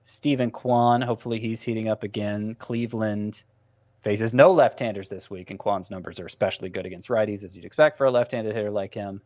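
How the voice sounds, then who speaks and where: A man's voice: on the low side, a little fast, darkish tone, dry recording. A man giving fantasy baseball picks in casual podcast chat, wry and self-mocking, thinking aloud as he goes.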